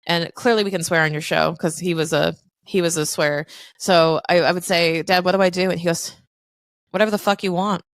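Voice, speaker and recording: A woman's voice: lowish voice, steady tone, brisk, dry recording. A woman guest on a podcast, telling her story in a frank, candid way, swearing freely and acting out quoted voices. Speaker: podcast guest, accountant and business owner. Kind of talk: casual storytelling interview.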